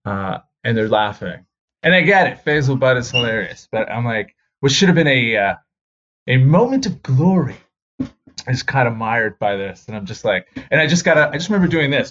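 A man's voice: medium pitch, fairly bright tone. A comedian in his thirties telling a self-deprecating personal story with lots of fillers and restarts, acting out the voices of the people in it. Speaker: stand-up comedian. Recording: dull lo-fi recording.

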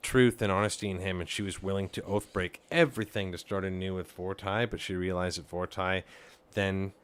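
A man playing a tabletop game who explains his character's choices, halting and searching for words. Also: low voice, fairly even intonation, fairly bright tone, smooth. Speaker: player.

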